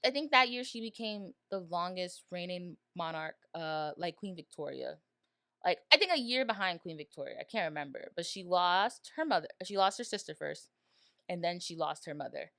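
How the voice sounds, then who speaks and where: A woman's voice: on the low side, sharp tone, smooth, no room sound, clean studio sound. A woman hosting a solo podcast, talking through a TV review in an emotional, rambling way. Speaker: podcast host.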